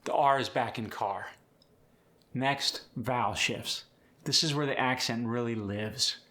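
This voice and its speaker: A man hosting an accent tutorial, explaining sounds clearly and giving example words. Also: mid-range voice, unhurried, bright, forceful tone. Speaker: accent coach. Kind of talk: instructional tutorial.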